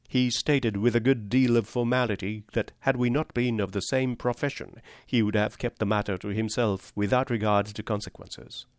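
A man narrating a literary novel in a measured, grave, deliberate way. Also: fairly low pitch, fairly even intonation, no echo, studio quality. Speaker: audiobook narrator.

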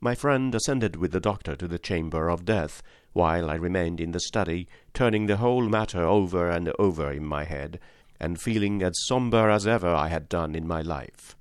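A man narrating a classic story as an audiobook, in a measured, even storytelling manner. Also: low voice, clean tone, no echo, studio quality. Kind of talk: scripted narration.

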